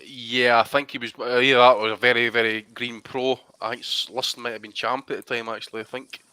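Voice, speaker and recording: A man's voice: mid-range voice, little pitch movement, brisk, bright, forceful tone, smooth, no room sound. A man with a Scottish accent telling stories and giving opinions in casual, profane podcast chat, laughing as he talks. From Scotland. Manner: swearing, laughing storyteller. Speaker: podcast co-host.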